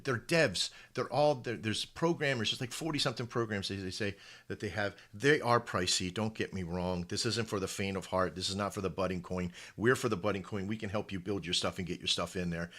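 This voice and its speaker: Low-voiced rambling man with a bright edge. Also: fairly quick. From United States. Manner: rambling, excitable, swears and repeats himself. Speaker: crypto project founder hosting a live audio space. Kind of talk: casual pitch to a live community.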